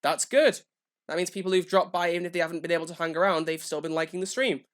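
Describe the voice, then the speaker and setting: Faint music plays behind a man livestreaming a game, who chats casually, addresses his viewers and pokes fun at himself. He talks fast in a fairly high, slightly bright voice with fairly even intonation.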